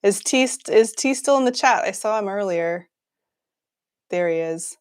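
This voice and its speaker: A woman's voice: medium pitch, expressive, moderate pace, clear, resonant tone. A woman hosting a news livestream, chatting casually with many fillers and restarts, laughing often. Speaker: news show host.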